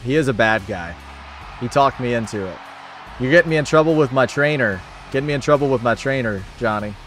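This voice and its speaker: A man's voice: mid-range voice, fairly quick, fairly bright tone. Friendly guy hosting a stream, casual and chatty, reading out viewer comments, faint music in the background. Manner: upbeat, friendly, thanks viewers by name. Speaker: livestream host.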